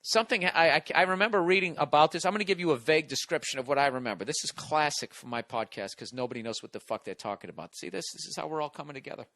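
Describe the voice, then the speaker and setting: A man in his forties talks into a close, dry studio mic in a bright, forceful voice that sits a little high for a man. He rambles and swears his way through a comedic podcast monologue, reading listener letters aloud while on cold medicine. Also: racing, few pauses, no echo. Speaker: podcast host.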